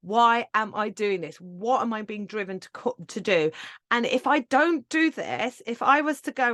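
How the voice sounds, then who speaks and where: A woman with a medium-pitched, fairly bright voice speaks at a measured pace in a solo monologue on her own podcast. A podcast host and mentor to yoga teachers, she talks alone with passion and emphasis, swearing casually and laughing now and then. The studio-quality sound has no echo.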